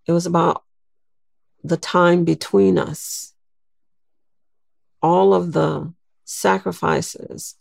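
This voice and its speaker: Slow, gravelly older woman telling a story. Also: on the low side, no room sound, clean studio sound. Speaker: guest. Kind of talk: storytelling interview.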